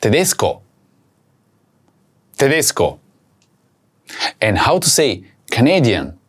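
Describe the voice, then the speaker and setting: A man teaching a recorded language lesson, saying each word slowly and repeating it for learners to practise. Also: medium pitch, huge pitch swings, a little hiss or hum.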